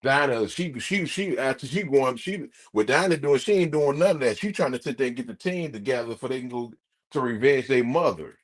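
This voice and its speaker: A man streaming, ranting casually to his live chat in an animated, profane way. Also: mid-range voice, brisk, dry recording, clean studio sound.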